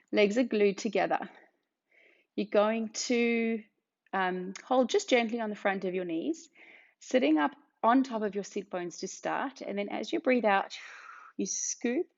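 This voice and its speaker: Breathless, a woman from Australia talks viewers through pilates ab exercises, calling out moves and counting down. Her mid-range voice is creaky with a darkish tone, and the recording sounds dull and lo-fi.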